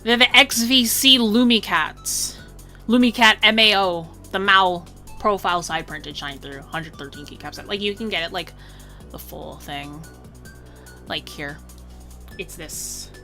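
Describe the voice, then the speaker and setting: A young woman streamer chatting casually, bubbly and rambling, full of "like" and quick laughs. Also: on the low side, bright, forceful tone, soft background music. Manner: bubbly, rambling, heavy "like" filler, bursts of laughter.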